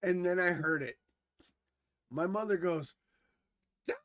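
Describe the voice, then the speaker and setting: A man co-hosting a podcast, telling a story casually, animated and swearing freely, who grew up in Wisconsin. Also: sits high, a little slow, dry recording, studio quality. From Wisconsin, USA. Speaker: podcast co-host.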